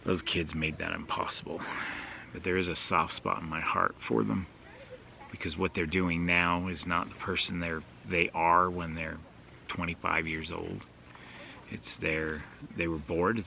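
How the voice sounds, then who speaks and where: A deep-voiced man with a gravelly edge casually spins a rambling anecdote to his camera, full of fillers and self-deprecating asides. He talks outdoors at a campsite with faint ambient sound around him. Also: sharp tone, slight background noise. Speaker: outdoor vlogger.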